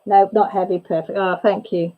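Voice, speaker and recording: Here a crafting channel host streams casually from home, her medium-pitched voice holding a steady tone at normal speed over phone-quality sound. She chatters and rambles, regularly interrupting her own thoughts.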